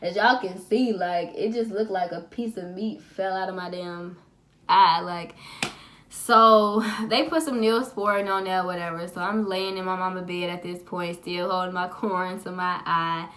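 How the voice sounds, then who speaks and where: A woman's voice: fairly low pitch, steady tone, measured pace, fairly bright tone. A young woman vlogger telling a personal story to camera in a chatty, profane, dramatic way.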